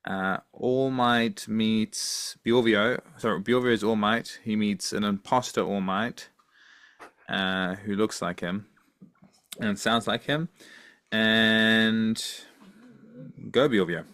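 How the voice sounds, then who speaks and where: A man's voice: lowish voice, takes it slowly, a bit bright, clean tone. A male podcast host chatting casually and encouraging his guest with upbeat energy.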